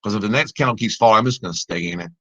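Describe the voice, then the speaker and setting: A man's voice: on the low side, very fast, pushed and bright. A man hosting a live trading stream, commenting on his trades to viewers, exclaiming and laughing often.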